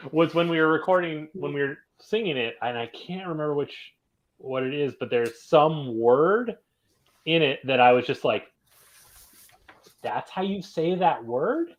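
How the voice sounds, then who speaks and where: A man, a band member guest on a podcast, telling a studio story in a halting, rambling way full of restarts. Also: a little high, lo-fi sound. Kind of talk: casual interview chat.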